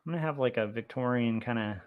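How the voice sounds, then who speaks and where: A young man chatting casually on a livestream as he draws comics, rambling with lots of fillers and getting excited about history. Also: medium pitch, fast, narrow, tinny audio. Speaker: comic artist streaming his drawing. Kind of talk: casual livestream chat while drawing.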